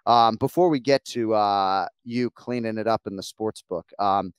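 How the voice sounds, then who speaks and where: A man's voice: lowish voice, normal speed, smooth, dry recording. A man hosting a sports podcast in casual, joking chat, laughing easily and swearing now and then. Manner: laughing, easygoing, profane. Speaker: podcast host.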